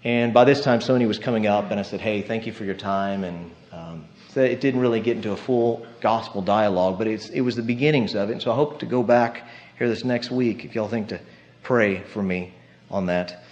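A man's voice: fairly low pitch, brisk, darkish tone. A man preaching a sermon in a conversational, storytelling way, often asking his listeners "right?". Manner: conversational, storytelling with tag questions. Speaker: pastor. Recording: muffled lo-fi sermon recording.

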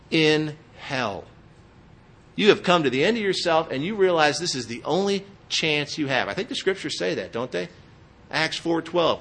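A man's voice: a little high, fairly bright tone. A middle-aged man preaching a sermon in a church, emphatic and quizzing his listeners with questions. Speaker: pastor.

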